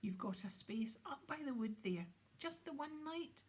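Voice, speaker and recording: A woman putting on a gruff, suspicious campsite keeper from a storybook. He asks blunt, prying questions in a raised voice. The voice is breathy and hushed. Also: high-pitched, lively intonation, moderate pace, voice pushed up.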